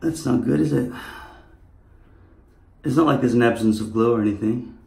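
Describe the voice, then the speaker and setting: A man's voice: medium pitch, moderate pace, gravelly, darkish tone. A man vlogging in casual chat, rambling and profane. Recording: echoey room.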